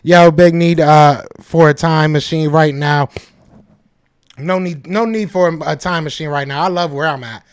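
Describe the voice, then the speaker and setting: A male podcast host talking to his live chat, hyped and emphatic, repeating himself, with a voice that is going hoarse. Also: on the high side, steady tone, normal speed. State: losing his voice, coughing. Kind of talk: live-stream fan talk to chat.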